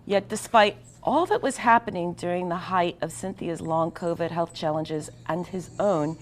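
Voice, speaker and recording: A woman's voice: fairly low pitch, moderate pace. A woman hosting a talk show, reading a guest introduction in an earnest, emphatic way with small stumbles over words.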